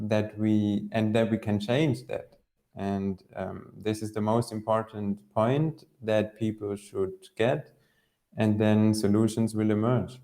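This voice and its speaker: A man's voice: on the low side, mellow. A man co-hosting a casual podcast conversation, earnest and a little hesitant. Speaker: podcast co-host.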